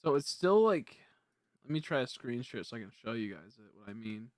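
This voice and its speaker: A man's voice: medium pitch, big pitch swings, brisk, no echo, studio quality. Casual, rambling young male streamer. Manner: rambling, self-correcting, easily frustrated. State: hiccups. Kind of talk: casual live-stream chat.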